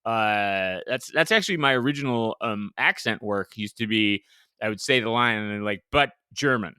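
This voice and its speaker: A man's voice: fairly low pitch, moderate pace, pushed and bright, clear, resonant tone, no room sound, clean studio sound. A man co-hosting a podcast in casual chat, joking and rambling with lots of fillers. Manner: jokey, rambling with many fillers. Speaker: podcast co-host.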